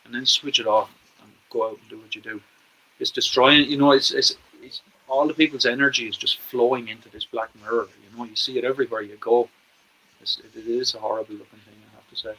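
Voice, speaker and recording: An Irish man hosting a podcast in an earnest, persuasive voice pitched in the ordinary middle range. He leans on repeated words when he wants a point to land. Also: steady tone, fast, pushed and bright, slightly rough, rough recording. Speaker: podcast host. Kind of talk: conversational interview.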